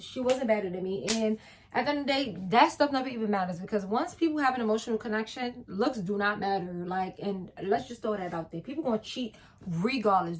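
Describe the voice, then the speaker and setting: A young woman tells a personal story in a casual, blunt, profane and animated way. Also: on the high side, slight background noise. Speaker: vlogger.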